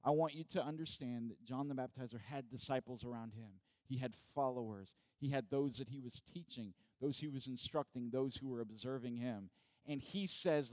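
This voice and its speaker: Male pastor, middle pitch, dry close sound; conversational sermon heavy on rhetorical questions. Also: normal speed, no echo.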